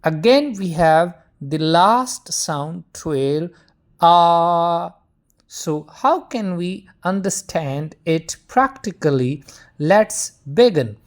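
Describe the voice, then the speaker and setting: A man leads a phonetics lesson at an unhurried, drawn-out pace. He speaks warmly to his "dear students", repeating each example word and pausing to check that they understand. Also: fairly high pitch, big pitch swings. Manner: slow, repetitive, often checks "got it?"; addresses viewers as "my dear students". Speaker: English pronunciation teacher.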